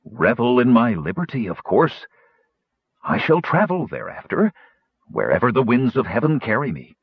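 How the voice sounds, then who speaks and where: A man's voice: mid-range voice, big pitch swings, moderate pace, husky, no echo, dull audio, pitched above the performer's own voice. A man voicing an ancient, lonely male dragon who pleads in grand, formal speech. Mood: pleading.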